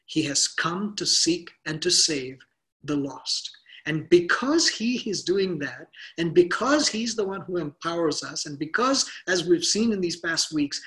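A middle-aged male pastor delivers a sermon in a fairly high voice. He talks slowly and earnestly, drawing out the words he wants to stress. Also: fairly bright tone. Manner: earnest preaching, slows and stresses key words.

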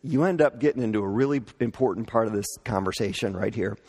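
A man's voice: on the low side, quick pace, darkish tone, husky. Man preaching in a reverberant hall. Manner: conversational, explains with asides and light laughs. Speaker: pastor. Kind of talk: sermon.

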